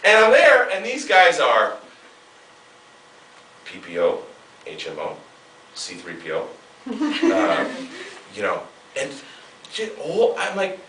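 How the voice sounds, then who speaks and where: A man giving an emphatic motivational seminar talk, swinging from loud bursts to hushed asides, heard from a distance in a large hall. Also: sits high, big pitch swings, unhurried, pauses often, a little hiss or hum. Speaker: seminar speaker.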